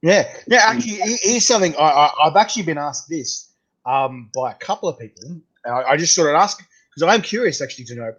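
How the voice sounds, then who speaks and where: A man's voice: fairly high pitch, expressive, brisk, fairly bright tone. Chatty Australian man, muffled sound. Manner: laid-back, chatty, many "mate"s and restarts. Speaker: host. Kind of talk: casual chat with a guest.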